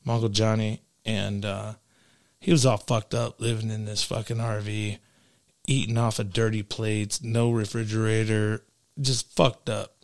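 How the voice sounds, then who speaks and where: A man's voice: on the low side, level tone, unhurried, no echo. A man hosting a podcast from a small studio, telling rowdy stories and swearing constantly. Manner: profane, rowdy storyteller. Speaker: podcast host. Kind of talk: crude casual banter.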